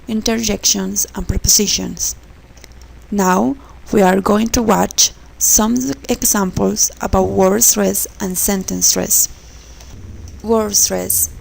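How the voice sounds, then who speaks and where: Woman, pronunciation lesson read aloud, gravelly voice, careful example words. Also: mid-range voice, darkish tone, rough recording. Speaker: student presenter.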